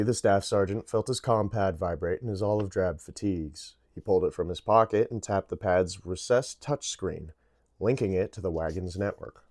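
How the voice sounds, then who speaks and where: A man with a low, deep voice reads a science fiction novel aloud in an easygoing, unpolished way. He trips over words now and then and simply corrects himself and carries on. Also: mellow. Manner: casual reading with stumbles and self-corrections. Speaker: book reader.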